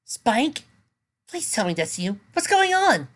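Woman voicing a frightened young girl, shrill and panicky, voice pushed way up high, lively swings. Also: fairly quick. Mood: alarmed. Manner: shrill, panicky, breathless questions. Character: frightened young woman, a transformed pony mage.

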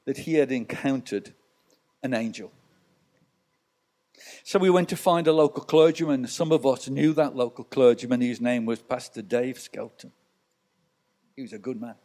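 A man's voice: medium pitch, darkish tone. A male pastor preaching a sermon in church, telling stories with rhetorical asides to the congregation.

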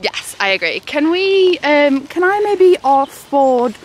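A woman's voice: high-pitched, sing-song, slow. A young woman riding a horse outdoors, chatting casually in a hesitant, nervous way and sniffling from the cold. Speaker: friend riding a horse for a vlog. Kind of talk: casual chat. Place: outdoors on horseback in a windy field. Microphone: handheld camera while riding. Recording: wind noise outdoors.

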